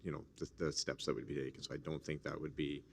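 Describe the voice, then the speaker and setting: A man chairing a formal assembly, speaking in a measured, hesitant way with many fillers. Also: rumbling low, level tone, vocal fry, slightly rough. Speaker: meeting chair.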